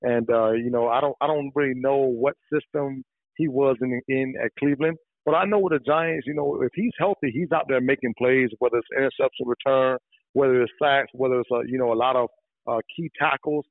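A man's voice: medium pitch, fairly quick, no echo. A man in his thirties, a former player calling in as a podcast guest, talking casually. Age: 30s. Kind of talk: casual interview. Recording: tinny phone line.

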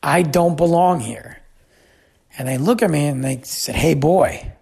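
A man hosting a podcast, telling a travel story in a chatty, animated way. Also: fairly high pitch, unhurried, creaky, breathy edge. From United States. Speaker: podcast host. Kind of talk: casual storytelling.

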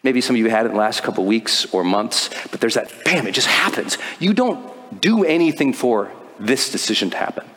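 A man's voice: medium pitch, fairly quick. A man giving a motivational talk to a live audience, telling a story and acting out the voices in it. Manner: animated storytelling, acts out quoted voices. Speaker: motivational speaker. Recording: long hall reverb.

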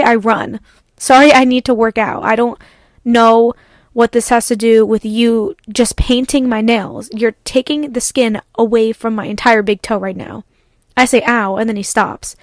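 A young adult woman hosting a podcast, telling a story in casual, animated, exasperated venting and acting out her own replies. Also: fairly high pitch, no echo, studio quality. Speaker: podcast host.

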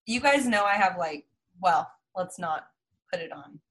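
A woman's voice: fairly low pitch, lively intonation, measured pace, crowd noise. A woman co-hosting a casual podcast, telling stories with chatty asides while recapping a movie. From Central Valley of California. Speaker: podcast co-host.

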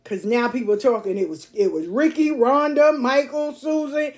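Woman host, blunt and emphatic delivery, voice sits a bit high, casual solo podcast. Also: normal speed. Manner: blunt, emphatic, repeats catchphrases, laughs often. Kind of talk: casual monologue.

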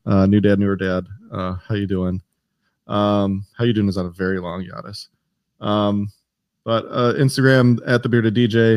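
A man's voice: on the low side, steady tone, normal speed, a little mellow, no echo, studio quality. A man chatting as a podcast guest, hesitant, with frequent ums and restarts. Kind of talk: casual podcast chat.

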